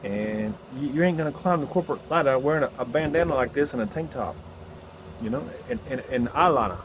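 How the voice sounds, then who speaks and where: A man speaks in a Southern American drawl, haltingly, stopping and restarting as he searches for words. His pitch sits in an ordinary middle range. A steady hum of noise runs underneath the recording. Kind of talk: candid personal vlog.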